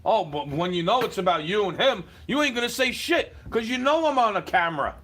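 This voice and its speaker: A man ranting at the camera from his home, profane and confrontational, shouting at times. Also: sits high, expressive, brisk. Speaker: livestreamer. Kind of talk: angry rant to camera. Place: indoors, home.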